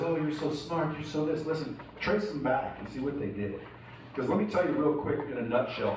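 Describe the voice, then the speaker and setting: A man's voice: mid-range voice, darkish tone, slight background noise. A man giving a casual, profane motivational keynote to a live audience, telling stories and laughing often. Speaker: keynote speaker. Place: large indoor event hall. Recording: echoey hall recorded from far off.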